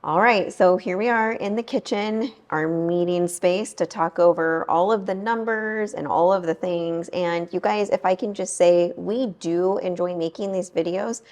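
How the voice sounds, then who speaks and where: A woman's voice: lowish voice, measured pace, hardly any pauses, darkish tone. A woman real estate agent chatting enthusiastically to camera in a home's kitchen, talking straight to her viewers. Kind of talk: casual home-tour chat to camera. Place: kitchen of a house.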